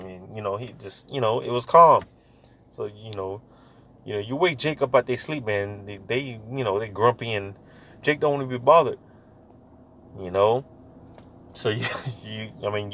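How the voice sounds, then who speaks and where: Male lay Bible teacher, casual and slangy, mid-range voice, slows down for scripture readings. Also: mid-range voice, fairly bright tone, slight background noise. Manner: slangy, keeps saying "man" and "you know"; reads scripture aloud slowly, then riffs on it.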